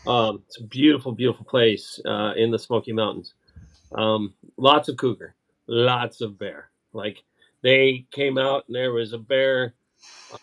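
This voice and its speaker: A middle-aged man talks casually, stopping and restarting often and filling gaps with ums and uhs. His voice sits at an ordinary pitch. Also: muffled recording. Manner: halting, many fillers and restarts. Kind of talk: casual chat.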